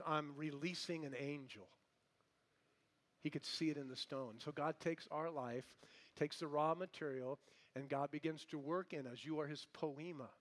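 A middle-aged male pastor delivering a sermon in a fairly high voice. He drops into soft, chatty asides with a touch of humor, then builds to strong, emphatic points. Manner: emphatic preaching, swinging between hushed and loud.

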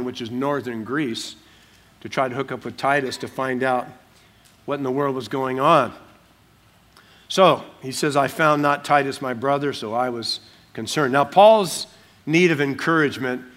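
A man, a pastor preaching a sermon and teaching through a passage verse by verse, breaking into small acted-out scenes in softer voices. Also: mid-range voice. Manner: animated, acts out little scenes in dropped voices.

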